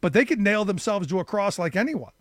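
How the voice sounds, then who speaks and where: A man's voice: sits high, animated, a little fast, no room sound. A man hosting a talk radio show, frank and conversational, who stumbles and restarts as he talks. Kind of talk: casual talk radio interview.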